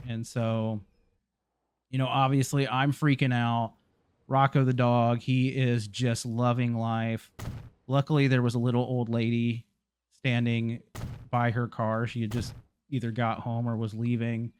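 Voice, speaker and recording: A man's voice: medium pitch, little pitch movement, unhurried, a little mellow, slight background noise. A man, hosting a gaming channel and telling a rambling story while he plays, full of restarts and fillers. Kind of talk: casual storytelling while playing a game.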